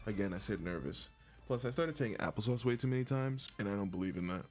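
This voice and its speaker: A man's voice: lowish voice, animated, a little fast, soft background music. Goofy rambling man, cracking himself up. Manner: goofy, scattered, swears and laughs often. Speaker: video creator. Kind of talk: rambling comedic monologue to camera.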